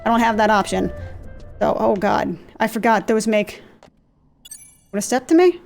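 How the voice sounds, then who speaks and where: A woman with a fairly high voice talks through her gameplay in a loose, rambling way, poking fun at herself as she goes. She speaks into a desk mic at home. Soft game music and the clack of a mechanical keyboard sit faintly under her voice. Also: moderate pace, vocal fry. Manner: chatty and self-deprecating, easily sidetracked. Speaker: let's play host. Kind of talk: casual gameplay commentary. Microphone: desk mic with gain turned down in software. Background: faint game music and clicky mechanical keyboard.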